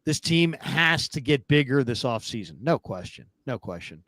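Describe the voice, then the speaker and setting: A man's voice: medium pitch, very animated, normal speed, a bit bright, no echo. A man co-hosting a live postgame basketball talk show who is blunt and sarcastic and reads out viewer comments. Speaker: co-host.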